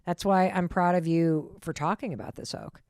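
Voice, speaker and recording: Host: middle-aged woman, very low gravelly voice, earnest reassuring delivery, dry close sound. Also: steady tone, moderate pace, darkish tone, no room sound. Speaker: podcast host. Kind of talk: casual podcast conversation.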